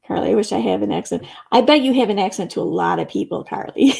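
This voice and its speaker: A middle-aged woman speaks as she hosts a relaxed live stream. She reads viewer comments aloud and chats about them, laughing often. Her voice has a gravelly fry at a middling pitch. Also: a little fast. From Central New York. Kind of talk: casual live stream chat reading comments.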